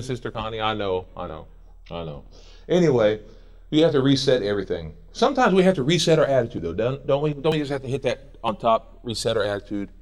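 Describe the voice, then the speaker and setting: A middle-aged man preaching a sermon as pastor in a church, animated and jokey, with quoted voices and bits of song. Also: mid-range voice. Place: church sanctuary.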